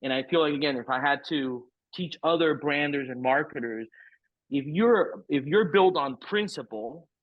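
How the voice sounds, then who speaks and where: A man's voice: a little high, normal speed, dry recording. Frank, profane man on a tinny line. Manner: frank, profane, rambling with many fillers. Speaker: podcast guest. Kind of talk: candid storytelling interview. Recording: tinny phone-like line, dry.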